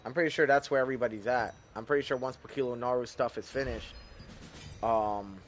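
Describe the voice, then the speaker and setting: A young man giving relaxed, chatty commentary over his game, thinking aloud and swearing casually. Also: mid-range voice, brisk, slight background noise. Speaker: gaming YouTuber.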